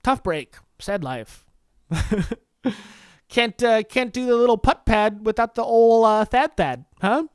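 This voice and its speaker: Young man, podcast host, sarcastic comedy riffing, very animated pitch, dry close sound. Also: slow, smooth, no echo. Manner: sarcastic, mock-pleading, laughing at own jokes. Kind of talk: solo comedy monologue.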